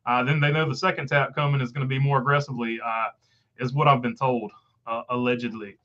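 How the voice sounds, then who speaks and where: A man's voice: medium pitch, steady tone, quick pace, fairly bright tone, highs cut off. A man with a Southern country accent hosting a casual live stream, reading viewer comments with lots of "uh" fillers. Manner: filler-heavy, rambling, frequent uh.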